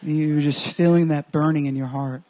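A man's voice: fairly high pitch, steady tone, normal speed, darkish tone. A man preaching to a congregation, calling people to stand and praying over them in an exhorting tone. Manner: exhorting, repetitive restarts building in intensity. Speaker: preacher leading a church service. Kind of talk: sermon with altar call and prayer.

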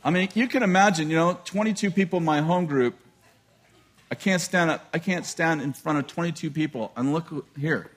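A male preacher telling a personal story in a sermon, animated and self-deprecating, often laughing at himself. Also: on the high side, brisk.

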